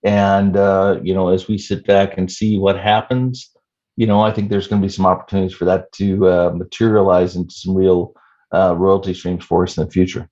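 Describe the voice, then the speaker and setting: A man in his fifties, a startup CEO answering interview questions in a measured way with many "you know" fillers. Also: low voice, little pitch movement, darkish tone, dull audio. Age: 50s.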